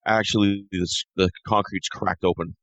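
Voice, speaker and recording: A man runs a tabletop game with a low voice, taking his time over each description and stopping now and then to correct himself. The recording is dry and dull, with muffled highs. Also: fairly even intonation, no echo. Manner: slow descriptive narration with self-corrections. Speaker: game master.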